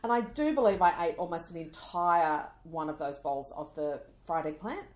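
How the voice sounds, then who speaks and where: A woman, co-hosting a casual chat show, wry and self-mocking and quick to laugh. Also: sits low, lively intonation, darkish tone. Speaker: podcast co-host. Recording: roomy echo.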